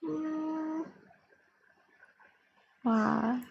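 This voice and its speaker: A woman streaming her language study, slowly repeating practice phrases aloud and chatting with viewers. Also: high-pitched, gravelly, a little mellow, muffled recording. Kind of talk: casual study-stream chat.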